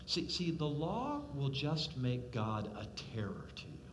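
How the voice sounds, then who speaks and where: A man preaching a sermon as a pastor, swinging from loud, pressing appeals to hushed, quiet questions and acting out the voices he quotes. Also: mid-range voice, wildly swooping pitch, a little slow, slight background noise.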